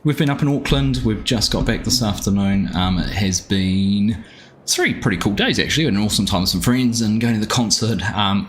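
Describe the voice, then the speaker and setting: Chatty New Zealand man, low voice. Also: slight background noise. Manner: chatty, greets viewers by name. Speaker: game streamer. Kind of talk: casual live-stream chat. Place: home room.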